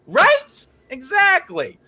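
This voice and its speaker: A man co-hosting a casual podcast, telling a story with lots of laughter and excited jumps in his voice. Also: drawn-out words, over a noisy crowd. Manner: animated storyteller, laughs often and jumps high in pitch.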